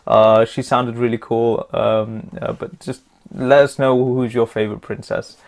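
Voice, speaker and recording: A man runs a casual video lesson for test takers. His voice sits at a middle pitch, and he talks in a loose, jokey way, stumbling over repeated words and ums. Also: little pitch movement, a little slow, creaky, darkish tone. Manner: chatty, jokey, repeats words, many fillers. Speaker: test-prep tutor.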